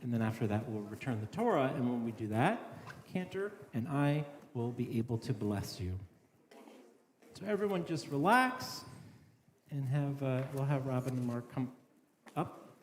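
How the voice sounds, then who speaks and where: A man's voice: mid-range voice, big pitch swings, normal speed. A man, a rabbi, leading a synagogue service in a casual, joking manner, speaking with the congregation. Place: synagogue sanctuary. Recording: echoey sanctuary with faint noise.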